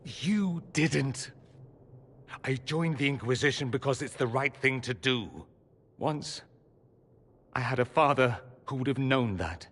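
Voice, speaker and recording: Dorian, a sardonic, husky mage. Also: male voice, mid-range voice, unhurried, pauses often, fairly bright tone, big-room sound. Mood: somber. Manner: sarcastic, cutting, rising to anger. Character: sardonic proud male mage, bitter estranged son. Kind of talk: game character dialogue.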